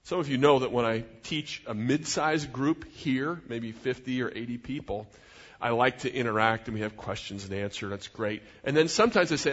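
A man's voice: mid-range voice, fairly quick, a bit bright. A middle-aged man preaching a sermon as a pastor, in an earnest, conversational way with personal asides. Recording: dull sound in a reverberant hall.

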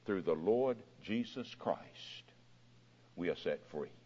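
A man's voice: animated, takes it slowly, breathy edge. Man, pastor, sermon, dramatic rises and falls, dull lo-fi sound, long hall echo. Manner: dramatic swells and drops in pitch and loudness.

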